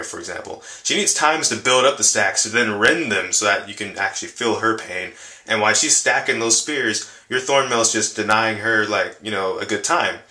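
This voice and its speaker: A young man hosting a gaming video, talking in a loose, rambling way full of fillers. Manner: rambling, filler-heavy, lively pitch jumps. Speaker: gaming channel host. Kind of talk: casual video commentary. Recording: echoey room.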